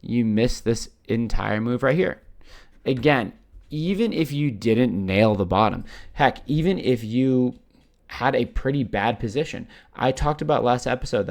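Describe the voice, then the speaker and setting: A chatty man with a Canadian accent and a gravelly, fry-edged voice at an ordinary middle pitch. He talks loosely through charts, swearing now and then and asking "right?" after almost every phrase. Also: takes it slowly, a little mellow. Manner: chatty, says "right?" constantly, swears casually. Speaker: crypto channel host. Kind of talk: casual screen-share commentary.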